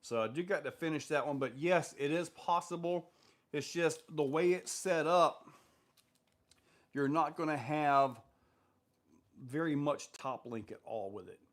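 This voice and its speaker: Speaking at a measured pace in a voice on the high side, this man runs a laid-back live stream. He reads out comments from viewers and responds in a meandering way, full of filler words.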